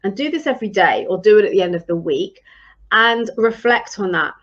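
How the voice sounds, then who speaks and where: A woman's voice: mid-range voice, lively intonation, fairly quick, fairly bright tone, dull audio. A woman leadership coach giving advice in a live-streamed talk, earnest and encouraging, with frequent ums and restarts.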